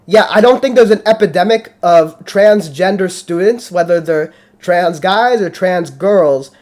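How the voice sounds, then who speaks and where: A man's voice: sits high, a little slow, darkish tone. A male host of a live call-in debate stream, arguing bluntly and heatedly with frequent swearing.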